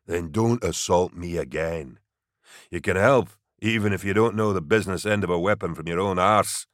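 A man voicing a huge, brutish male soldier with a deep, growling voice and slow, flat menace. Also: dry recording, studio quality. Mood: menacing calm.

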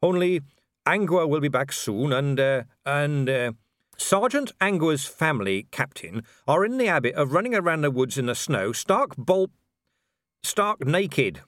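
A man's voice: a little high, sing-song, measured pace, fairly bright tone, no room sound, clean studio sound. Guy doing a grumpy sarcastic old-ish commander, worn out, voice swings up and down. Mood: gruff. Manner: gruff, sarcastic. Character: gruff battered middle-aged male commander.

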